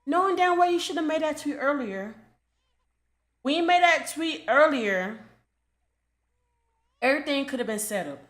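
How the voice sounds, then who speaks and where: A woman's voice: sits high, lively intonation, normal speed, pauses often. A young adult woman giving a casual commentary rant, blunt and profane, scolding and repeating herself to drive the point home. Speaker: commentary creator.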